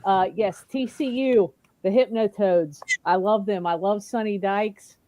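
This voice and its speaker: A woman's voice: mid-range voice, measured pace, mellow, no room sound. A woman panelist in casual sports chat, talking in a fired-up, emphatic rant.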